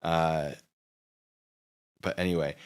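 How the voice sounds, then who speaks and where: A man's voice: slow pace, clean tone. A man hosting a livestream, commenting on messages in a mocking, sarcastic way. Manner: lively, swinging pitch. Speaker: livestream host.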